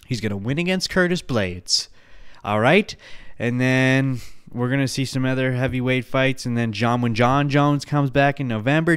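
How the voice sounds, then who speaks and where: Brief: profane, rambling male podcast host, smooth, resonant voice, mid pitch. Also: fairly bright tone. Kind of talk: casual solo podcast rant.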